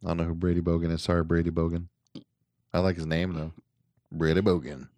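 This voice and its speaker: A man's voice: low voice, flat delivery, fast talker, darkish tone, no echo. A man co-hosting a casual podcast, jokey and teasing in banter. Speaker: podcast co-host. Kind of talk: casual chat.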